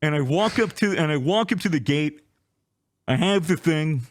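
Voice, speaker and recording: A man telling a travel story in casual chat, animated and swearing, acting out the people he met. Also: fairly high pitch, normal speed, no echo, clean studio sound.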